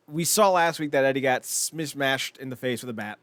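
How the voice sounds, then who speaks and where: A young man co-hosting a podcast, chatting casually and excitably, rambling with lots of fillers and frequent laughs. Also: mid-range voice, brisk, few pauses, no echo. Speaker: podcast co-host. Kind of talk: casual wrestling chat.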